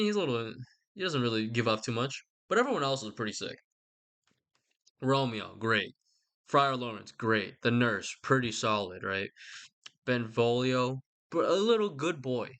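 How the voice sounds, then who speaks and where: A man's voice: medium pitch, bright, forceful tone. A young man rambling casually and offhandedly, joking and swearing. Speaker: video host.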